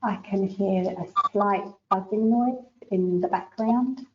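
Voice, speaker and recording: A woman with an Australian accent, interviewing and answering in a relaxed, plain way. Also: mid-range voice, slow pace, dull audio.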